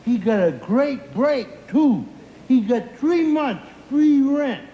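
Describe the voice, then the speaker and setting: A man's voice: very high-pitched, expressive, slow pace, dark tone, roomy sound, highs cut off. A man in a comedy sketch telling rambling stories and breaking into giggles, recorded on old TV audio with audience laughter. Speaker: comic sidekick character.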